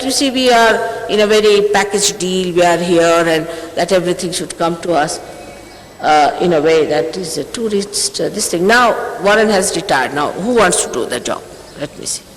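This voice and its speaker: A woman's voice: fairly low pitch, lively intonation, normal speed, a little hiss or hum. A woman in her sixties, a spiritual teacher, sternly scolding her followers with emphatic rhetorical questions. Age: 60s. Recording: echoey hall with long reverb, faint ambience, 1980s archive tape.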